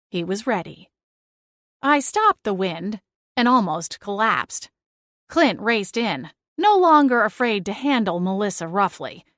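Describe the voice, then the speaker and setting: A woman narrating a first-person audiobook in a lively, dramatic storytelling manner. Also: medium pitch, no echo, studio quality.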